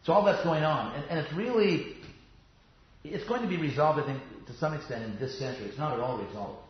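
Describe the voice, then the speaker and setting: A man gives a relaxed, wandering lecture on yoga philosophy, trailing off into asides and restarting his sentences. His voice sits in a middle pitch. The recording is roomy and a little muffled, as if taken in a classroom. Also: fairly quick. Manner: chatty, digressive, many fillers and restarts. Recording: roomy, dull sound.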